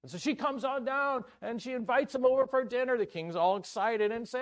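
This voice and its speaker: A man preaching a sermon at a church conference, telling a story with lively energy and acting out the characters' voices. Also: very high-pitched, fairly quick, few pauses.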